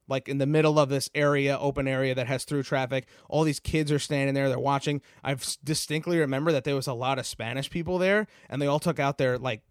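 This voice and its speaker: A man's voice: mid-range voice, no room sound, clean studio sound. A young man hosting a podcast, telling a long personal story in a rambling, casual way, full of fillers and swearing. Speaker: podcast host.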